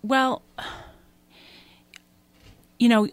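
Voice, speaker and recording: A woman talking as a guest in a casual interview, rambling in an animated way and laughing as she talks. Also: a little high, extremely slow, no echo.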